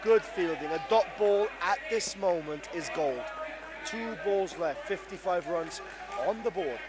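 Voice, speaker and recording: A man giving live cricket commentary, excitable, breaking into shouts when something big happens. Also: high-pitched, measured pace. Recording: noisy crowd at an indoor venue. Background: crowd and venue noise.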